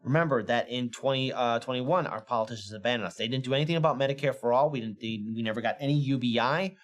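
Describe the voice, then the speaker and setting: A man hosting a political commentary show, heated and mocking, often rising to near shouts. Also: mid-range voice, fast. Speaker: podcast host.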